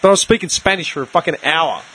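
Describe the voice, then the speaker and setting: A man's voice: a little high, very fast. A man in casual podcast chat, telling stories and swearing freely. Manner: animated, swears freely, tells stories with put-on voices.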